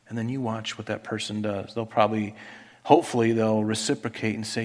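A man preaching a sermon, earnestly pleading about forgiveness, and rising in pitch and volume as he reads scripture aloud. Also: level tone, fairly quick. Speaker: pastor. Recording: long hall reverb.

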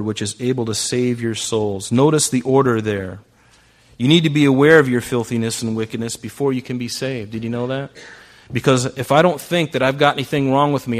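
The congregation hears a male pastor preach conversationally, with rhetorical questions coming often. His voice is mid-range.

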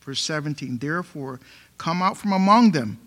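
A male preacher delivers a sermon in a fairly high voice. He is emphatic and drives points home with repeated rhetorical questions. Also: lively intonation, moderate pace, fairly bright tone.

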